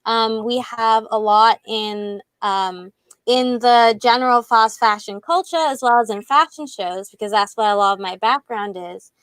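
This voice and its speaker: A woman's voice: fairly high pitch, unhurried, fairly bright tone, clear, resonant tone, dry recording. A woman speaking as a panelist with a fashion design background on a video call, explaining steadily and articulately.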